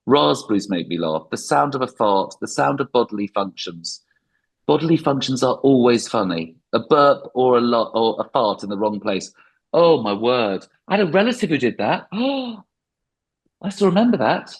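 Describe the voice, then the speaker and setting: A man's voice: medium pitch, animated, normal speed, breathy edge, rough recording. A middle-aged man, a comedian guest on a podcast, talking in a rambling, self-deprecating way. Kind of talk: podcast interview.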